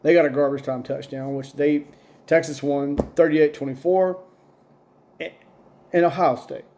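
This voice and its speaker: A man's voice: on the high side, steady tone, unhurried, darkish tone. A man hosting a casual solo sports talk show, rambling and opinionated with plenty of fillers, a bit tired. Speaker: sports podcast host.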